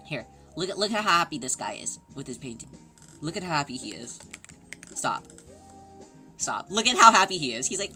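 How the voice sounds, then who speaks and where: A woman livestreamer with a fairly low voice that is strikingly bright and cutting, and her pitch swings widely as she chats. She gushes excitedly and greets viewers one after another, with faint music playing underneath. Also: fast talker. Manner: excitable and gushing, greets chatters. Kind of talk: casual livestream chat with viewers.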